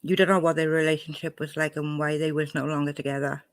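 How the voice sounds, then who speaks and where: A woman's voice: deep voice, flat delivery, fast talker, no echo. An upset, indignant woman from Wales reacting angrily to a clip she has just played for her viewers. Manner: indignant, confrontational. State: upset, emotional. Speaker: reaction video host.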